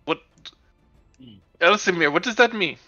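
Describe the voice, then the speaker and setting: A man's voice: high-pitched, lively intonation, measured pace, bright, forceful tone, dull audio, faint music behind. A man role-playing a character at a tabletop game, jokey and indignant. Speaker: player.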